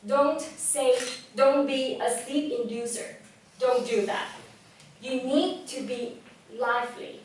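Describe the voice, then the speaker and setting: A young woman whose first language is Vietnamese speaks in a lively, direct coaching tone, her voice sitting a little high. She is picked up from some distance away, in a strongly echoing hall with a faint hum behind her. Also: slow pace. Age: young adult. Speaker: speaker giving a talk on public speaking. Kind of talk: motivational talk to a live audience. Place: event hall. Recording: echoey hall, voice from far off.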